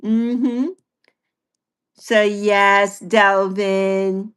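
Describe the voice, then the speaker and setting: A woman's voice: a little high, animated, unhurried, a bit bright. A woman in her sixties hosting a casual livestream chat with viewers, playful and teasing. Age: 60s. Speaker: livestream host.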